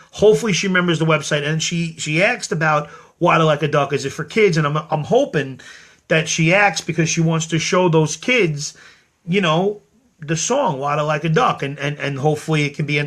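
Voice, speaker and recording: A man's voice: fairly high pitch, fairly bright tone. A middle-aged man telling a story in a casual, rambling monologue, earnest and full of restarts and quoted lines. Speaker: host of his own show.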